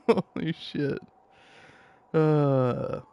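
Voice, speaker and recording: A man's voice: a little high, extremely slow, clean tone, no room sound, muffled recording. A young man casually riffing as an online commentator, rambling and stammering with frequent laughs.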